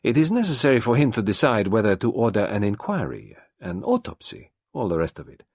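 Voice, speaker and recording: A man voicing a courteous, fussy older male detective who speaks in a polite, measured, formal way. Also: on the low side, big pitch swings, a little mellow, dry recording, studio quality, pitched above the performer's own voice. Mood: probing.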